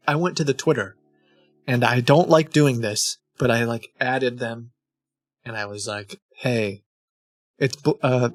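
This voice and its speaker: A man in his thirties talks casually as a show host at a medium, everyday pitch. He rambles through the tale with clear exasperation, and soft music plays faintly behind him. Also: dry recording. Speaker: streamer and host of a scam-baiting show. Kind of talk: casual chat.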